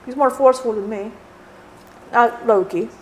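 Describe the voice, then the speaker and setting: A woman's voice: on the high side, normal speed, a little hiss or hum, natural voice. A woman channeling the spirit of a dead man, who rambles bluntly, swears and keeps saying "you know". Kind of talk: channeling session.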